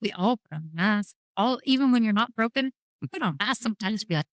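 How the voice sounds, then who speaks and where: An earnest woman talks candidly and reflectively, often circling back to restart a thought. Her voice sits in a middle pitch. The recording is dry, with no room echo. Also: animated, brisk. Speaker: podcast guest. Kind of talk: candid conversation about grief.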